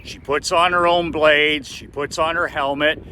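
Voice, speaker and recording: A man's voice: fairly high pitch, fairly even intonation, a little slow, background noise. A middle-aged man from Canada, telling a family story in a casual vlog. He is emphatic and repeats phrases for effect. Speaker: business coach.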